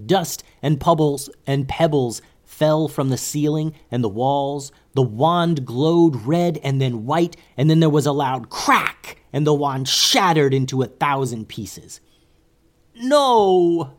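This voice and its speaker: A man narrating a children's adventure story in a calm, expressive storytelling voice. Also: medium pitch, measured pace.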